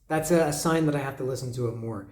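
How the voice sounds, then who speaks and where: A man's voice: medium pitch, fast, darkish tone, echoey room. A man hosting a casual album review, musing with many hesitations and humming bits of melodies. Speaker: podcast host reviewing an album. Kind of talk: casual solo commentary.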